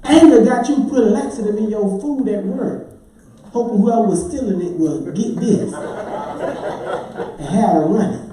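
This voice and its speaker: Man, pastor, sermon, acts out voices, shouts and sings, mellow tone, reverberant hall. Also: high-pitched, measured pace, pauses often. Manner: animated preaching, acting out congregants' voices, with shouts and sung phrases. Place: church sanctuary. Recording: echoey church heard from far off.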